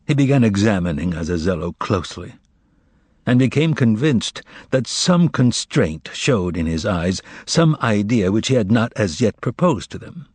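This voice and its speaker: Husky male audiobook narrator. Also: on the low side, no echo. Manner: measured, expressive storytelling. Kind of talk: scripted narration.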